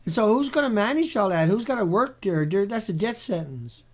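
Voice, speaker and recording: A man's voice: sits high, lively intonation, a little fast. A man giving sarcastic, ranting commentary on a series of pictures, mocking and repetitive in his delivery. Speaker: video commentator.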